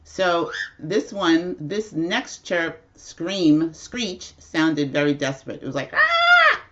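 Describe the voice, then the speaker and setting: A woman's voice: low voice, slow, muffled recording. A woman hosting a casual livestream at home, telling a rambling story with frequent laughs. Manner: chatty, rambling, laughs often. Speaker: livestream host.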